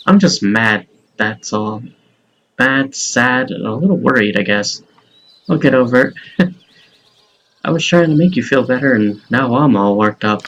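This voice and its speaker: A man's voice: medium pitch, animated, unhurried, long pauses, a bit bright, low-quality recording. A man voicing a plucky, loyal young woman adventurer, reading game dialogue aloud in a chatty, reassuring way, with faint outdoor noise behind. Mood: earnest.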